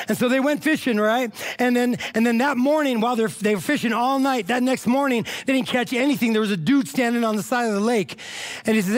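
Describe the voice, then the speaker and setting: A man's voice: very high voice, quick pace. A man preaching a casual, conversational sermon as pastor to his church, with frequent asides.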